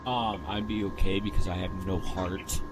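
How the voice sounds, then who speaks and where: A teenage boy on a podcast, chatting in a deadpan, mumbling way. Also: sits low, normal speed. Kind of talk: casual chat. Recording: heavily noisy cutting-out call mic.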